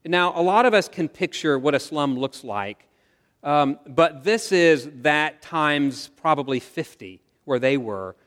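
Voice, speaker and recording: A man's voice: fairly high pitch, lively intonation, unhurried, fairly bright tone, in a large hall. A man preaching a sermon to his congregation in an earnest, conversational way, asking them questions. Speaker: pastor. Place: church sanctuary.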